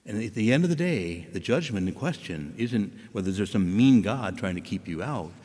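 A man preaching a sermon, animated and asking his listeners questions. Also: lowish voice, moderate pace. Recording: long reverb of a large hall.

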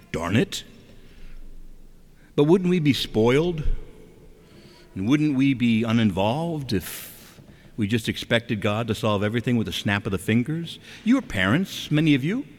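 A man's voice: medium pitch, moderate pace, long pauses. A man preaching a conversational sermon in a church, asking rhetorical questions and talking straight to the congregation. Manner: animated, asks rhetorical questions, acts out quotes. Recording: long reverb of a church.

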